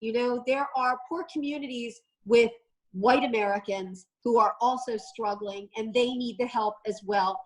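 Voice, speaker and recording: A woman's voice: on the high side, normal speed, rough recording. A woman commentator, a guest in a conversation, making her points in an emphatic, impassioned way. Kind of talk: passionate conversation.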